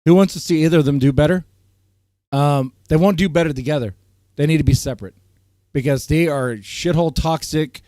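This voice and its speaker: A man streaming live, ranting at his chat in a heated, swinging way, his voice strained and often cleared. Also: a little fast, no room sound, clean studio sound. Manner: heated, swings from loud outbursts to low muttering. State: voice strained, keeps clearing throat. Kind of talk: ranting livestream commentary to chat.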